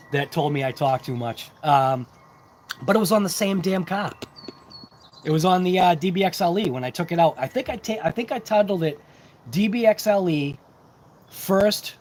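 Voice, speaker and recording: With a high voice and slight background noise, this man hosts a relaxed livestream for his RC hobby channel, talking at length to viewers in a rambling, self-deprecating manner.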